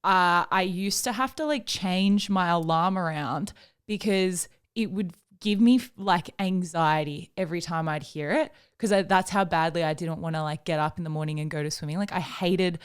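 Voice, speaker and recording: A woman's voice: fairly low pitch, moderate pace, clear, resonant tone. A young woman, co-hosting a podcast in casual chat, telling stories full of "like" and casual swearing. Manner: chatty storytelling, lots of "like", swears casually. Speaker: podcast co-host.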